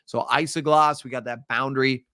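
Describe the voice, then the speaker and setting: A man's voice: mid-range voice, fairly even intonation, normal speed, pushed and bright, dry recording, clean studio sound. A man with a Midwestern accent, teaching an upbeat, chatty live-stream review lesson with frequent ums. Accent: Midwestern American.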